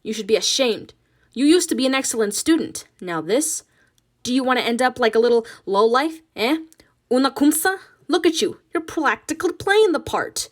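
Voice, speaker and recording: Woman voicing a sharp scolding mother. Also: high voice, lively intonation, moderate pace, voice pushed up. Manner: sharp, reproachful, emphatic. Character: stern scolding immigrant mother, middle-aged, tired.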